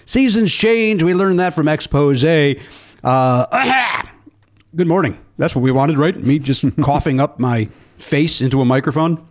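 A man's voice: fairly high pitch, expressive, normal speed. A man from Chicago hosting a casual comedy podcast, joking and swearing freely. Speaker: podcast host. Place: Los Angeles.

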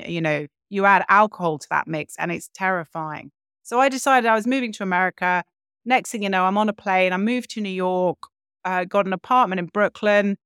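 A woman from London, England, appears as a podcast guest and tells her own story in a frank, reflective way. Her mid-range voice is fairly bright, clear, and resonant, recorded in a clean studio with no echo.

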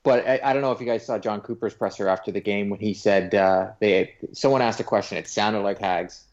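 Man, lowish voice, casual co-host chat, dull lo-fi audio. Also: a little fast, a little mellow. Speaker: podcast co-host.

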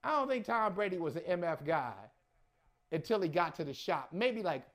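A man's voice: high-pitched, expressive, moderate pace, a bit bright. A man co-hosting a sports talk show, talking casually in a reflective, conversational and agreeable way. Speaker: sports podcast co-host. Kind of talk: casual chat.

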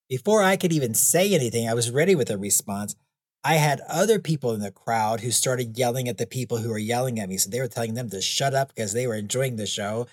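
A man's voice: medium pitch, no room sound, studio quality. A man being interviewed as a guest clown and author, rambling easily with frequent chuckles and fillers. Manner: rambling, chuckles often, many "you know"s. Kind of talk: casual interview chat.

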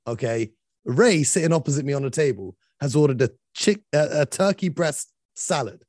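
A man's voice: fairly high pitch, expressive, normal speed, a little mellow, no echo. Man, dry close voice. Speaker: host. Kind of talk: casual chat.

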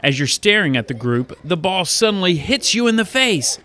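A male pastor who hosts a Bible podcast, telling stories and teaching preteens in an upbeat, animated way. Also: high-pitched, normal speed, hardly any pauses.

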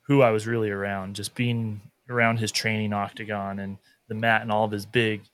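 A man, a guest on a podcast, talking casually and haltingly as he searches for words. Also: on the low side, level tone, fairly bright tone, dry recording.

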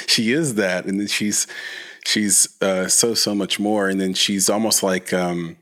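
Brief: podcast host, very low male voice, rambling and restarting, many ums. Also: steady tone, slow, pauses often, sharp tone. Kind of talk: casual interview.

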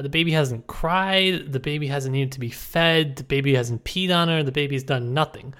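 A man co-hosting a podcast, relaxed and joking as he talks through a story and lists points one after another. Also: fairly high pitch. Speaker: podcast co-host. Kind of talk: casual book discussion.

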